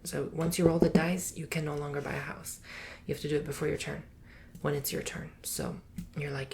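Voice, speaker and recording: A man's voice: fairly high pitch, a little fast, creaky, a little hiss or hum. A man teaching a board game in a whispered ASMR tutorial, playful and sassy, calling the listener honey. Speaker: ASMR creator.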